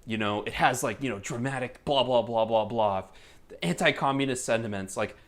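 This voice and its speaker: A man co-hosting a film podcast, chatting loosely and joking, with frequent laughs. He has a mid-range pitch and an easygoing, rambling delivery. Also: moderate pace. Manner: jokey, rambling, laughs often. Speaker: podcast co-host. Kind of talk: casual film chat. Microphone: headphones, home podcast setup.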